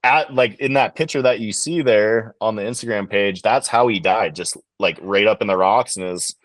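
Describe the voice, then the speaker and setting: A man on a podcast, a bowhunting guest telling a hunting story in a relaxed, rambling way with lots of fillers. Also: lowish voice, moderate pace, no echo. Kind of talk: casual storytelling in an interview.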